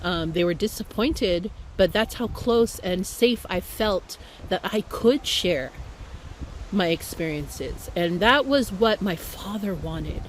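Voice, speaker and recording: A woman's voice: on the low side, animated, a little hiss or hum, poor audio. A woman from Hawaii speaking in a heartfelt, reflective way, telling a personal story as a speaker in an online talk. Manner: heartfelt, reflective, unhurried with fillers.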